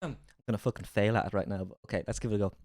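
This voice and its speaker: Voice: sits low, rapid-fire, darkish tone, no room sound, clean studio sound. A streamer reacting to a video with casual, joking and profane mocking asides.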